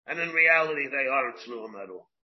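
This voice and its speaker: A man, a rabbi, teaching a Talmud class, explaining slowly in English dotted with Hebrew and Aramaic terms, with many restarts. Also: medium pitch, expressive. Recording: dull lo-fi class recording.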